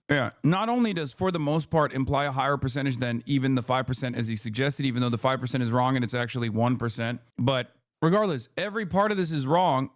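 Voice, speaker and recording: A man's voice: on the high side, no room sound, clean studio sound. A man streaming live, reacting to an interview clip with sarcastic, ranting commentary.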